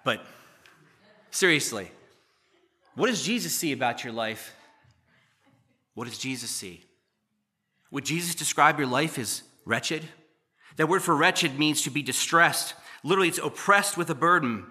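Bright-voiced pastor preaching conversationally. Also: male voice, mid-range voice, animated, moderate pace, long pauses. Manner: conversational, asks the congregation questions; jokes and teases, swings between loud emphasis and quiet asides. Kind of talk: sermon. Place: church.

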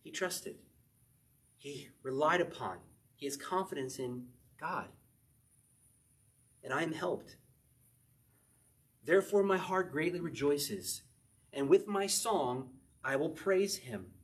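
A man's voice: on the high side, expressive, slow, pauses often. A man preaching a verse-by-verse sermon in a conversational way, often acting out quotes in short little voices. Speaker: pastor.

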